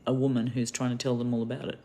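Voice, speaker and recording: A woman's voice: extremely low pitch, little pitch movement, rapid-fire, warm tone. An Australian woman giving an indignant, rambling monologue to camera, telling her story with heavy emphasis. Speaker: activist vlogger.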